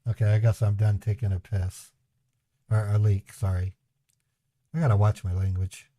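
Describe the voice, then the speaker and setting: Male streamer, casual storyteller who chuckles through anecdotes; mellow timbre, dry close mic. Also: on the low side, level tone, normal speed, dry recording. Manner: rambling, chuckling anecdotes with voiced quotes. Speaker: scambaiting livestream host. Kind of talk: casual storytelling to a live chat.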